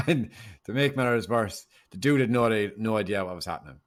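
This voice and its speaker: Irish male guest, low-pitched, playful, laughs a lot. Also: fairly quick. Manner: laughing, playful, jumps into impressions. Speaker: podcast guest. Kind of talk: casual chat.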